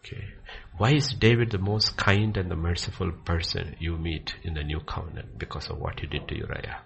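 A man teaching from the Bible with passion, dropping to hushed near-whispers and then rising to loud, excited bursts. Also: low voice, moderate pace, vocal fry, a little hiss or hum. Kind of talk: impassioned preaching in conversation.

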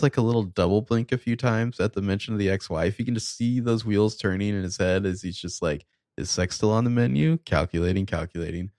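A man's voice: sits low, no room sound, studio quality. A man co-hosting a podcast, recapping a TV episode in a sardonic, profane casual chat. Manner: sardonic, profane, reads quoted dialogue flatly.

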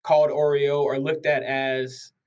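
A man speaking thoughtfully and in a measured way as a guest in a casual chat. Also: mid-range voice, level tone, darkish tone, poor audio.

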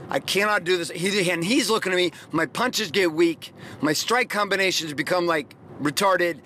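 A man's voice: high voice, normal speed, bright, forceful tone, a little hiss or hum. A middle-aged man hosting a podcast, telling profane, rambling stories in a casual motivational monologue. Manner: profane, rambling, emphatic storytelling. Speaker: podcast host.

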